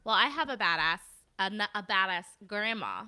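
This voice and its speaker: A woman's voice: medium pitch, moderate pace, clean tone. A woman co-hosting a podcast, chatting casually and telling stories with animation. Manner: animated storyteller, reads headlines aloud. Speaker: podcast co-host. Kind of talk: casual chat.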